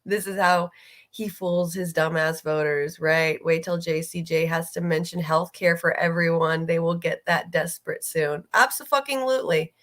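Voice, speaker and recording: A woman's voice: on the low side, moderate pace, a bit bright. A woman hosting a loose political livestream, talking off the cuff. She is blunt and swears freely, and she sounds exasperated as she reads out viewer comments and answers them. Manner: blunt, profane, exasperated, reads chat aloud. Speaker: streamer host. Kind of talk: casual political livestream chat.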